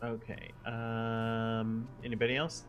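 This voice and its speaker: Guy running a tabletop rpg session, laid back, lots of uhs, faint music under him. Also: medium pitch. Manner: relaxed, halting with many fillers. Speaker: game master. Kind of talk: running a tabletop game online.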